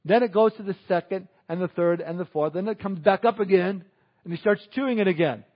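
A man preaches to his congregation in a relaxed, chatty way, dropping in little chuckles and asides. His voice sits a bit high for a man. The recording is dull and lo-fi, like old church audio. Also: a little fast. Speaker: pastor. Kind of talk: sermon.

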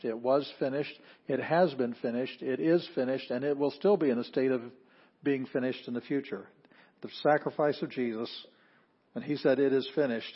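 A man's voice: mid-range voice, slightly rough, dull audio. A man teaching an introductory Greek class, explaining step by step and often restarting his phrases. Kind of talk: classroom lecture.

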